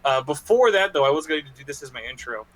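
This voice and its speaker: A man's voice: a little high, lively intonation, fast, a bit bright. A man appearing as a podcast guest, chatting casually in a rambling, joking way with lots of fillers.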